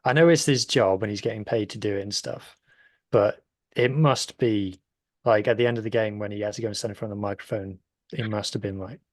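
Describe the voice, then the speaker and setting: A man's voice: on the low side, brisk, a little mellow, dry recording, clean studio sound. A man on a podcast panel, talking in a chatty, rambling way and leaning on "like". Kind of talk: casual podcast chat.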